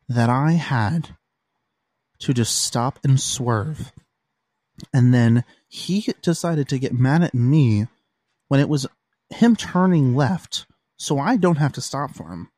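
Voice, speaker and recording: A man's voice: medium pitch, a little mellow, no room sound. Young man venting on a podcast. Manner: exasperated storytelling, swears freely. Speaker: podcast host. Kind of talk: casual solo podcast rant. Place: room at home.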